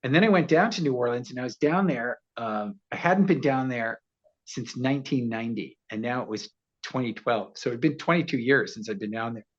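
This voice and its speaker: Lively man in his sixties, lo-fi. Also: medium pitch, fairly quick. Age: 60s. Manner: animated, laughs often, acts out quoted voices. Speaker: actor guest. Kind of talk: casual interview storytelling. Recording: muffled lo-fi audio.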